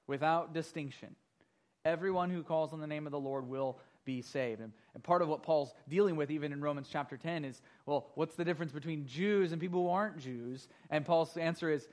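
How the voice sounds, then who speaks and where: A man's voice: on the high side, darkish tone. A man pastor teaching a Bible class, earnest and explanatory, often repeating words as he explains.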